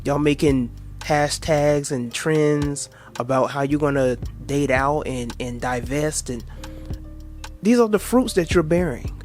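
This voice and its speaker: A man's voice: a little high, slow, darkish tone, faint music behind. A man hosting a reaction video, lecturing in a preachy way, quoting scripture with crude asides.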